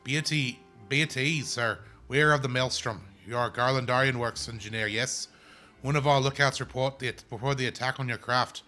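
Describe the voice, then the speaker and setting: A man voicing a formal, steady soldier in a game, reading his lines slowly. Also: mid-range voice, faint music behind, pitched below the performer's own voice, natural voice. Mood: calm.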